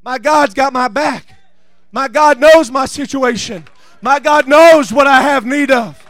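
Man, pastor, high voice, dry close sound, fervent sermon that swells to shouting. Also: unhurried, no room sound. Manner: builds from quiet scripture reading to shouted preaching.

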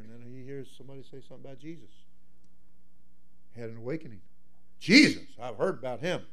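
A man preaching a sermon as pastor, swinging from loud fervent cries to quiet, hushed asides. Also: mid-range voice, fast talker, slight background noise.

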